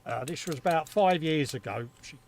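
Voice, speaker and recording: A man's voice: on the high side, moderate pace, gravelly, a little mellow, a little hiss or hum. A middle-aged man co-hosting a live stream, bantering dryly and reading out chat messages. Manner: dry joking, reads chat aloud. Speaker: co-host of a live hobby stream. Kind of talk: casual banter.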